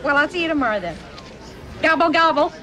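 A woman's voice: high-pitched, lively intonation, a little fast, fairly bright tone. An actress playing a bubbly woman car rental clerk who chatters in a sing-song way in a film scene. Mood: chirpy. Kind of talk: film comedy acting. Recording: film clip with busy crowd behind.

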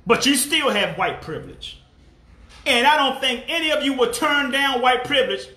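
A man's voice: extremely high pitch, bright, forceful tone, echoey room. A motivational speaker, a man, in an impassioned monologue to camera, angry and blunt, swearing and repeating his phrases.

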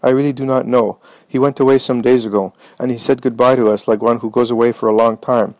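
A man's voice: medium pitch, fairly even intonation, fast talker, a little mellow, no echo, close to an everyday voice. A man voicing Martha, a grieving, anxious woman who pleads and protests in distress. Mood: distraught.

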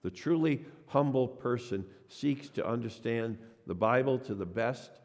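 A male pastor delivering a Sunday sermon in a church sanctuary. His mid-pitched voice has a gravelly texture, and a long hall reverb trails his words. He tells stories from the pulpit and acts out the people he quotes. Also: measured pace, a little mellow.

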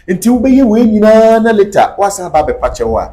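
Animated high-voiced man. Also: fast, few pauses, poor audio. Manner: animated, emphatic, repeats key phrases. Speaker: interview guest. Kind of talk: casual interview talk mixing Twi and English.

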